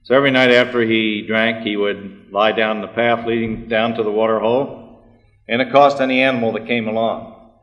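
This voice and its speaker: A man giving a formal technical talk, measured and precise. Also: fairly low pitch, steady tone, highs cut off. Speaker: speaker giving a technical address. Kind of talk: formal lecture. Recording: long hall reverb.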